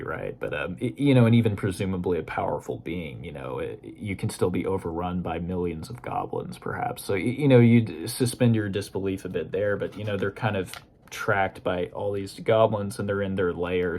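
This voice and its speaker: A man's voice: low voice, creaky, darkish tone. A man casually talking through a book he read, rambling loosely and hedging often with "you know" and "kind of". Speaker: book discussion host. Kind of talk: casual spoken book review.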